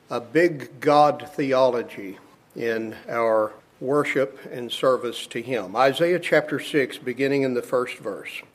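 A man preaching a sermon, reading scripture aloud in a measured, emphatic way and slowing for key words. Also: medium pitch.

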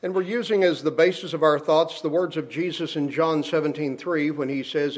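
Man preaching a measured sermon. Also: on the high side, fairly even intonation, slightly rough. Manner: measured, emphatic, slows for scripture. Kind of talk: sermon with scripture reading.

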